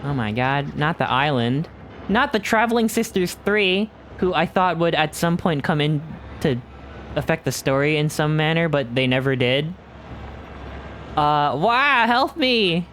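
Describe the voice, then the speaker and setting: Excitable man streaming a game. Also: on the high side, moderate pace, a little hiss or hum. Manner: excitable, swearing, joking. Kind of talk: casual gameplay commentary.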